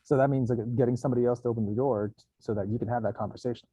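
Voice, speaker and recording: A man's voice: mid-range voice, steady tone, rapid-fire, mellow, slightly rough, dry recording, rough recording. A man moderating a casual panel discussion, searching for words and restarting often. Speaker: panel moderator and company co-founder.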